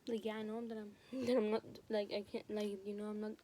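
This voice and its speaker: A teen girl vlogger tells a school story at home on her phone while painting her nails, rambling and stuffing in fillers such as "like" and "you know." Her mid-range voice is warm but flat and brisk, and there's slight background noise.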